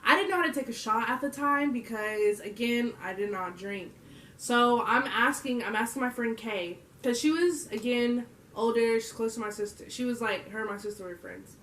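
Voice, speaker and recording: A woman's voice: fairly high pitch, normal speed, fairly bright tone, recorded from a distance, slight background noise. A young adult woman vlogging, telling a story to camera in a casual, slangy way and laughing often. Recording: roomy echo.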